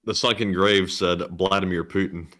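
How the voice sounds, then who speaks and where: A man's voice: low-pitched, fairly even intonation, normal speed, sharp tone. A man co-hosting a stream, reading out donations in an easygoing, amused way. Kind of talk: casual stream chat.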